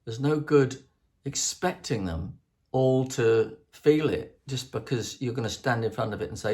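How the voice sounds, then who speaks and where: A man's voice: medium pitch, expressive, measured pace, darkish tone. An older man chatting alone to camera, rambling, restarting often and singing out rhythms to make his point. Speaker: host. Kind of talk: rambling solo chat to camera.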